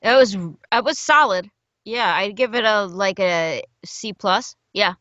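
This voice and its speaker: A woman guest on a podcast, giggly and quick to play along in an improvised comic chat. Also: medium pitch, a bit bright, dry recording, muffled recording. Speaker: guest voice actor.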